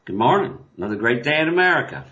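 A man co-hosting a talk radio show, agreeing with short, quick interjections. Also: medium pitch, very animated, bright, forceful tone. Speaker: radio co-host. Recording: dull lo-fi radio recording.

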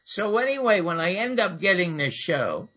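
Lively, bright-voiced man telling stories. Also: high voice, normal speed, dull audio. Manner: rambling, with fillers and lively asides. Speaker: guest storyteller. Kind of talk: casual anecdotal storytelling.

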